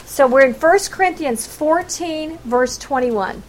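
High, lively woman preaching a sermon. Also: unhurried, poor audio. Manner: emphatic, acts out quoted voices with big swings.

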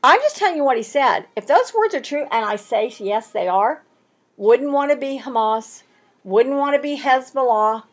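A woman teaching a Bible study, emphatic, repeating key words and reading scripture with dramatic slowing. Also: high-pitched, expressive.

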